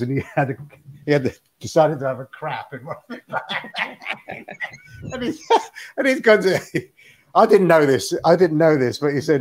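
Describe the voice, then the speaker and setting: A man in his sixties, a guest musician telling a story in a casual chat, animated and laughing often. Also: mid-range voice, moderate pace.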